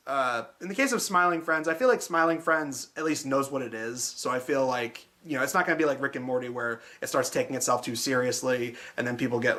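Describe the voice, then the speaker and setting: A male movie-show host talking casually and at length, his sentences looping back with "like" and "you know" as he goes. He swears freely and keeps an easygoing, unscripted flow. His voice sits at an ordinary pitch for a man. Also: fairly bright tone. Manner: rambling, filler-heavy, swears freely. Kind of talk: casual spoken movie recap.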